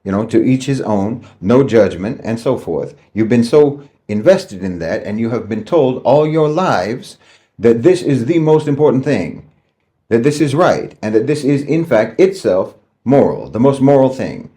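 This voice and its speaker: A man lecturing the listener directly in a measured monologue. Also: mid-range voice, sing-song, warm tone.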